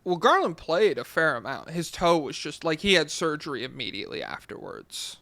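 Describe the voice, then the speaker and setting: A young man co-hosting a casual sports podcast, opinionated and animated, swearing casually as he argues his points. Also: on the high side, normal speed, creaky, dry recording. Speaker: podcast co-host.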